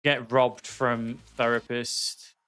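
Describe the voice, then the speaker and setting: A man's voice: medium pitch, little pitch movement, takes it slowly, fairly bright tone, smooth. A man from the West Midlands with a Black Country accent, chatting casually with viewers while streaming a game. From West Midlands, England. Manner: chatty, friendly, calls viewers mate. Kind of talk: casual live-stream chat while gaming.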